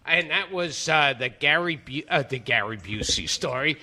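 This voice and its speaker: A man's voice: a little high, lively intonation, normal speed, pushed and bright. A man hosting a podcast interview, introducing his guest with a wry, joking delivery. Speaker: podcast host.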